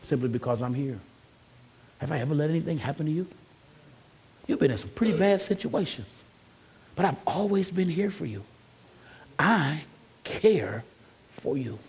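A hushed, comforting divine voice, as a preacher puts it on. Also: male voice, fairly low pitch, animated, normal speed, pauses often, husky, pitched below the performer's own voice. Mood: tender. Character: gentle, reassuring divine male voice, soft and close.

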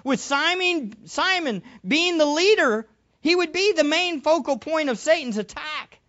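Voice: high voice, lively intonation, measured pace, a bit bright, lo-fi sound. A preacher giving a sermon in an emphatic way, repeating key phrases and asking the listeners rhetorical questions.

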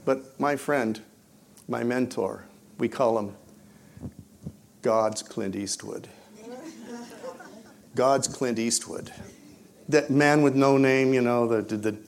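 A man preaching and telling his own story, swinging between hushed moments and loud, excited bursts. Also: mid-range voice, slow. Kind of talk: testimony storytelling in a sermon.

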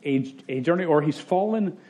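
A male pastor preaching in a loose, conversational storytelling manner. He jokes, restarts his sentences and briefly mimics the people he quotes. His voice sits slightly high for a man. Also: expressive, normal speed, darkish tone, highs cut off. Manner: jokey and self-interrupting. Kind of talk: sermon.

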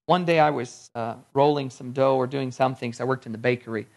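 A man's voice: mid-range voice, quick pace, vocal fry. A man preaching a sermon, telling personal stories in a conversational way and acting out the dialogue. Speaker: pastor.

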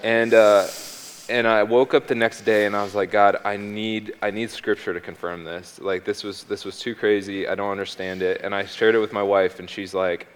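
Guy w a deep monotone voice, smooth and clear, umming and restarting thru a faith story, big echoey hall. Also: normal speed. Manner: hesitant, frequent ums and restarts. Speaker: guest. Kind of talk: personal faith testimony in conversation. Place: on a stage. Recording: long hall reverb.

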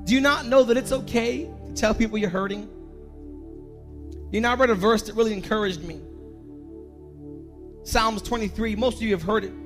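High, bright-voiced emotional preacher man. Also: moderate pace, long pauses, faint music behind. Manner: emotional, builds to a shouting climax with repeated lines. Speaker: pastor. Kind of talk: sermon.

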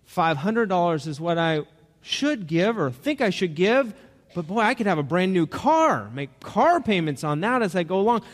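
A man's voice: high-pitched, big pitch swings, normal speed, long reverb tail. A man preaching a sermon to a congregation, talking in a conversational way and asking them questions. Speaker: pastor.

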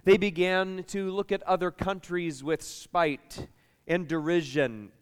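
A male pastor with a slightly higher voice, clear and resonant, talking in a chatty, animated way to his congregation. The sound hangs in the long reverb of a large church hall. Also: slow. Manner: lively, chatty storytelling with the congregation. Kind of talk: sermon with personal stories.

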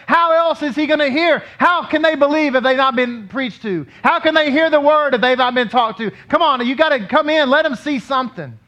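High, bright-voiced man preaching. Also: a little fast, few pauses. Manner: conversational, asks the congregation questions. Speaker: rabbi. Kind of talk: sermon. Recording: dull lo-fi recording.

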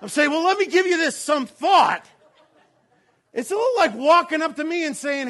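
A man pastor preaching a sermon to a congregation. He swings from loud, laughing bursts to low, solemn scripture reading. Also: expressive, normal speed, gravelly.

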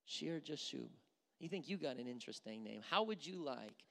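Preaching with a creaky, medium-pitched voice at a moderate pace, this pastor animates the story, performs the quoted lines, and frequently repeats words while thinking out loud. A long hall reverb colors the recording.

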